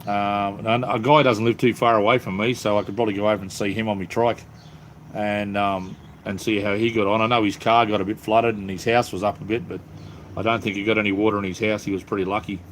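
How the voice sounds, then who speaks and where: A man's voice: on the low side, little pitch movement, fast talker, slight background noise. A middle-aged Australian man chatting casually on a live stream from his phone, rambling and poking fun at himself. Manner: rambling, self-mocking, easygoing.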